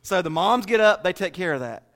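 A man's voice: high-pitched, expressive, fairly quick, a bit bright. A middle-aged man preaching a sermon in a folksy, joking way, speaking straight to the congregation. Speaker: pastor.

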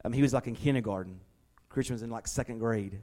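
A male pastor, preaching a sermon in a folksy, conversational way and leaning on slowed, emphatic stresses. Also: mid-range voice, warm tone. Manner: emphatic, with slowed dramatic stresses and acted-out prayers.

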